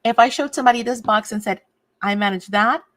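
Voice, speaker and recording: A woman's voice: fairly high pitch, fast talker, fairly bright tone. A woman hosting a casual craft livestream, chatting with viewers and fussing over a sore torn nail. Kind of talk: casual live chat while crafting.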